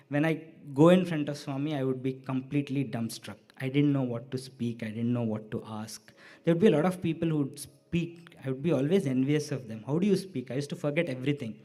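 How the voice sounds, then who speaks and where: A middle-aged man telling a personal devotional story to a hall audience, acting out his own lines and the lines of others with lively shifts of voice. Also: medium pitch, a little fast, soft background music. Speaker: speaker sharing a devotional story.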